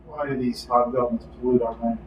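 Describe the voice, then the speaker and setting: A man's voice: medium pitch, fairly even intonation, brisk, muffled recording. A man playing a tabletop game, giving blunt in-character retorts. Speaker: player. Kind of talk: casual tabletop play. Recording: roomy, distant mic, faint noise.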